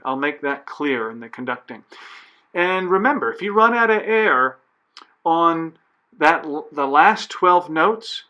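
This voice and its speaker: A choir director talks his singers through a piece in a patient, methodical way. His voice sits a little high for a man. He counts beats aloud and sings short examples as he goes. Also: a bit bright, poor audio. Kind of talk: recorded choir instruction.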